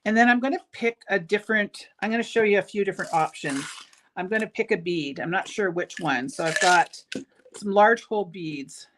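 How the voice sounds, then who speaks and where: Speaking at normal speed in a mid-range, slightly bright voice, with a little hiss or hum on the audio, a woman presents a casual bead livestream from her indoor jewelry shop studio. She rambles chattily, full of ums and restarts, and is enthusiastic about the beads.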